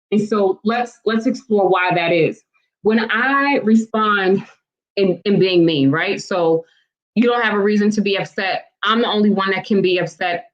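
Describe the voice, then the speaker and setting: A woman leads a live-stream talk for parents, talking in a conversational way and often checking in with her viewers. Her voice sits at a medium pitch, and the audio is a bit dull and lo-fi. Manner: conversational, asks the audience for responses. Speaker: host and parenting educator.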